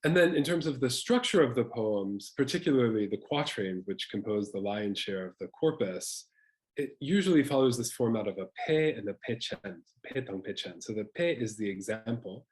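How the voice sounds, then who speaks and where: A man's voice: fairly low pitch, animated, moderate pace, poor audio. A man giving an academic lecture, explaining patiently with small restarts and fillers.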